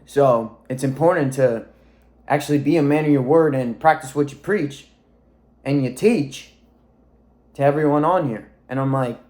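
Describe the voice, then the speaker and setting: A man's voice: medium pitch, moderate pace, darkish tone. Rambling, cussing young man. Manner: rambling, swears a lot, reflective. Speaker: weight-loss coach vlogger. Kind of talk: casual monologue to camera.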